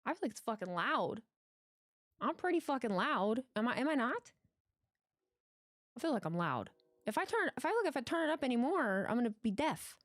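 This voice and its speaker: Animated, swearing woman streamer host. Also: on the high side, fairly quick, pauses often, dry recording, studio quality. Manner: chatty, profane, giggly. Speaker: livestream host. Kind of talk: casual livestream chat. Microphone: headset with mic monitoring.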